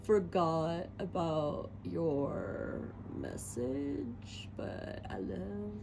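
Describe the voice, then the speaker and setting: A woman's voice: on the low side, drawn-out words, vocal fry, a little mellow, a little hiss or hum, voice pushed down, full character voice. A woman putting on a sing-song playful dragon. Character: playful dragon serving tea, fond and forgetful.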